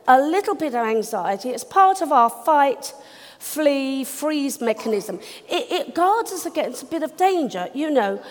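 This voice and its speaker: A high-pitched woman gives a warm-hearted, chatty talk from the front of a church. Her voice rings out with a long reverb from the hall around her. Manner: chatty, animated, jokey. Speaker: church speaker. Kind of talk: sermon talk.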